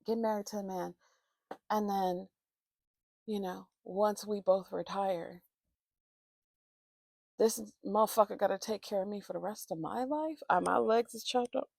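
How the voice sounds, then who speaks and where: A woman's voice: medium pitch, fairly even intonation, unhurried, gravelly, long pauses, a little mellow, no echo, clean studio sound. A woman vlogger chatting casually, telling a rambling, profane, candid story with many restarts.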